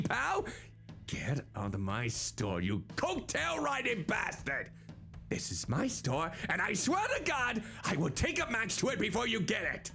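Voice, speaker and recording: A man voicing a fiery, defiant record store owner with a high, strained voice. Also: creaky, bright, forceful tone, full character voice.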